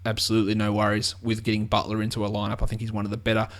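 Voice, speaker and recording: A man's voice: on the low side, completely flat delivery, very fast, fairly bright tone. A man with an Australian accent talking through fantasy basketball picks in a casual solo show, often restarting and repeating words as he goes. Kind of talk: casual solo sports analysis.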